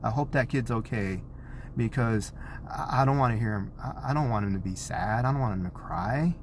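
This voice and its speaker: A man's voice: mid-range voice, moderate pace, slight background noise, natural voice. Dad quoting his sweet caring young daughter. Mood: concerned. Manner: eager, then gentle and concerned.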